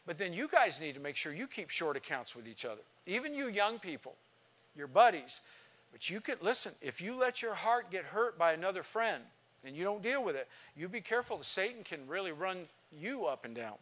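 A man's voice: sits high, big pitch swings, a little fast, fairly bright tone. A male pastor preaching a sermon, telling a personal story with emotion and building to emphatic exhortation. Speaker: visiting pastor.

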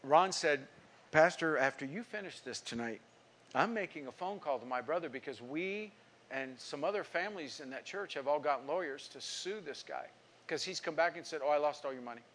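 A middle-aged male pastor preaching a sermon, telling a story and acting out the people in it, swinging from emphatic lines to hushed ones. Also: on the high side, expressive, fairly quick, slight background noise. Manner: storytelling, acting out quoted speech; emphatic preaching with sudden drops to quiet.

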